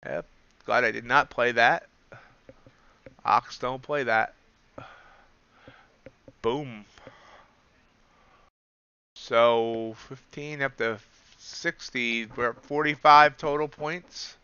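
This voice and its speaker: A man's voice: mid-range voice, fairly even intonation, drawn-out words, pauses often, bright, forceful tone, clear, resonant tone, no room sound, dull audio. A man hosting a live trading stream, chatting casually and self-deprecatingly while calling out prices as they move. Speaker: livestream host and futures trader. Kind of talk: casual live market commentary.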